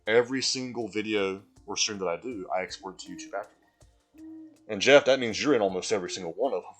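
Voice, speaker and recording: A man's voice: fairly low pitch, fast talker, faint music behind. A man live-streaming a video game, chatting casually and answering viewers from chat.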